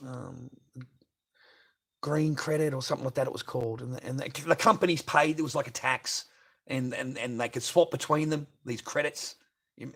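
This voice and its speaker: A man on a livestream, ranting profanely and asking "right?" again and again. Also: a little high. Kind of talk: unscripted livestream rant.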